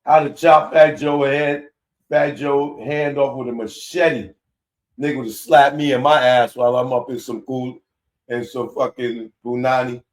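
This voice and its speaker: A man, hosting a live commentary show in a casual, animated way that keeps repeating his points. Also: mid-range voice, a little slow. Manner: animated, laughing, repeats himself.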